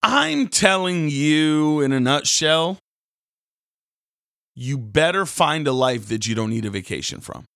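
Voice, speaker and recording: A man, a pastor hosting a daily devotional, preaching casually with sudden jumps into loud mocking voices. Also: fairly high pitch, very animated, unhurried, no echo, clean studio sound. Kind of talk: energetic devotional sermon.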